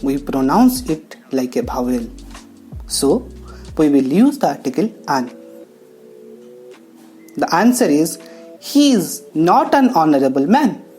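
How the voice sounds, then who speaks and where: Low, mellow-voiced woman teaching a lesson. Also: very animated. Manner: slow, explanatory teacher talk with pauses. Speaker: English teacher. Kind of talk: classroom lesson narration. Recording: faint background music.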